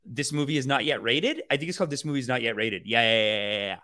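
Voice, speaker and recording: A man hosting a podcast, chatting casually and reacting to a film trailer in an animated, profane, rambling way. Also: mid-range voice, fast. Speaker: podcast host.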